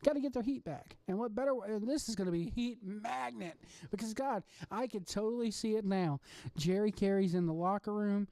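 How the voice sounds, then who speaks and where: A podcast host giving a casual, rambling rant at home late at night, excitable and swearing freely. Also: mid-range voice, brisk, dry recording. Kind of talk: casual ranting monologue.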